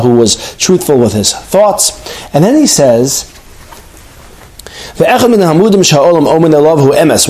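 A man's voice: on the high side, a little mellow, poor audio. A man giving a casual, conversational Torah lesson as a rabbi, full of rhetorical questions and Hebrew terms. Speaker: rabbi teaching a daily lesson.

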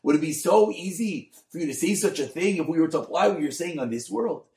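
A man, a rabbi, giving a Torah class on a Mussar text, mixing Hebrew terms into English and swinging from soft to loud. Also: on the high side, fairly quick, echoey room. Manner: expressive, dynamic delivery, swings from soft to loud.

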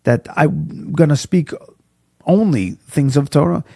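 A man teaching a casual Torah class, chatty and animated, mixing in Hebrew quotes as he tells stories. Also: fairly high pitch, slow, gravelly, dry recording, studio quality. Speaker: rabbi teaching Pirkei Avos.

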